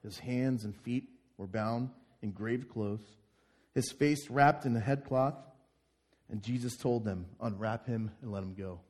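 A man's voice: mid-range voice, a little slow, a little mellow. A man preaching a sermon as pastor, reading scripture aloud with dramatic force.

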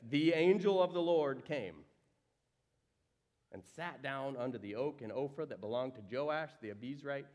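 A male pastor delivers a sermon with a lively, swooping delivery that sits a little high for a man. He reads scripture and plays out the characters, jumping up for a startled voice and dropping low and quiet for the serious points. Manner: animated, acts out quoted voices with big swings in pitch and volume.

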